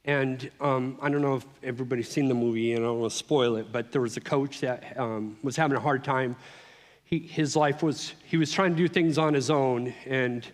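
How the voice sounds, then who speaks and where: A middle-aged man giving a personal testimony speech at a conference, telling his story in an animated way with frequent restarts. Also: mid-range voice, normal speed. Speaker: conference speaker. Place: conference hall. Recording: long reverb of a large hall.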